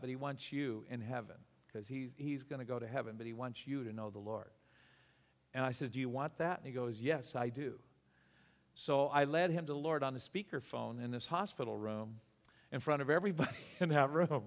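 A man's voice: medium pitch, in a large hall. A male pastor telling a story in a sermon, acting out the quoted dialogue with animation. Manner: animated, acts out quoted dialogue, laughs between lines.

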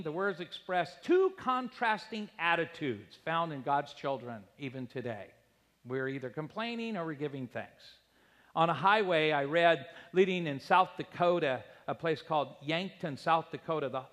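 A middle-aged man preaching in a church sanctuary, his voice riding high and swinging widely in pitch. He acts out the people he quotes. Long reverb trails after each phrase. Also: fairly bright tone. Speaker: pastor. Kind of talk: sermon.

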